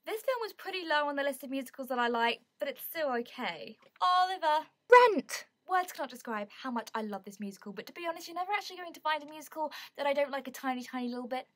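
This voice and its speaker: A young British woman talking excitedly to camera about things she loves, gushing and often breaking into song. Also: sits high, racing, few pauses. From Britain. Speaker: vlogger. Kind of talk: casual chat to camera.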